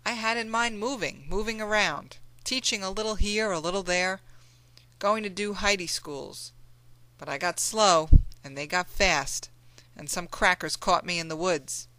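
A reader voicing a calm steady man of quiet resolve. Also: sits high, a little slow, no echo, poor audio.

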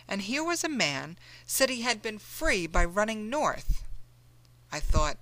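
A woman narrating an audiobook in a measured storytelling manner. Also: medium pitch, big pitch swings, fairly bright tone, a little hiss or hum. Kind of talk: scripted narration.

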